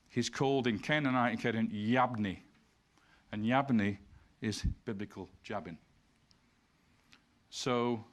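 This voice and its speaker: A man giving an illustrated lecture, explaining slides point by point and reading passages aloud. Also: on the low side. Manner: reads scripture passages aloud.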